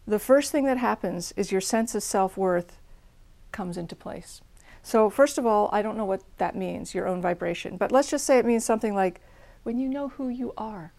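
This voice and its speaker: Creaky-voiced frank meditation teacher woman. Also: medium pitch, a little mellow. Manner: frank, plain-spoken and self-deprecating. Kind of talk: dharma talk and guided meditation.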